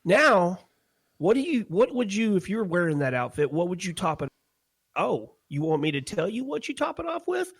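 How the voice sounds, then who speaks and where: Guy cohosting a podcast, lively up and down voice, laughs a lot, swears, dry close mic. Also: sits high, normal speed, creaky, slightly rough, no room sound. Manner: animated, laughing storyteller with crude humor. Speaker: podcast co-host. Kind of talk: casual storytelling chat.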